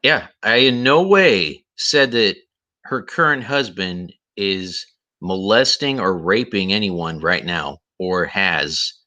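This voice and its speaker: A man's voice: deep voice, expressive, slow pace, sharp tone, lo-fi sound. A man hosting a livestream, ranting indignantly and repeating himself, with a voice he says is tired. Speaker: livestream host. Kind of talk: heated commentary livestream.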